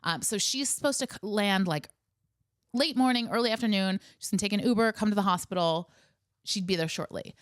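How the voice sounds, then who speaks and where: A woman's voice: mid-range voice, fairly quick, no echo. Earnest woman co-host, dry close sound. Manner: earnest, recounting events step by step. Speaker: podcast co-host. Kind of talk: casual storytelling chat.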